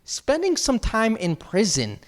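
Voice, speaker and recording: A man's voice: high voice, huge pitch swings, measured pace, very noisy. A man hosting a comedic interview at a kitchen table, playful and showy, calling himself by name in the third person. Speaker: interview host.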